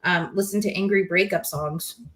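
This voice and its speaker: A woman talking as a podcast guest in casual conversation, emotional and animated, quick to laugh. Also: on the low side, reverberant, low-quality recording.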